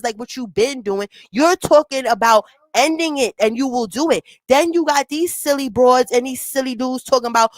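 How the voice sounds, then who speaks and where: A woman's voice: sits high, normal speed, hardly any pauses, no room sound, low-quality recording. A woman doing reaction commentary, blunt and profane, speaking emphatically. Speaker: commentary streamer.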